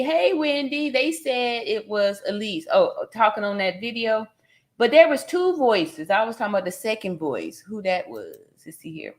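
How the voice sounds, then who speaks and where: Woman nurse from cali doing a slow chatty livestream, bit high voice, laughs a lot reading the chat. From California. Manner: chatty, laughs often, reads comments aloud.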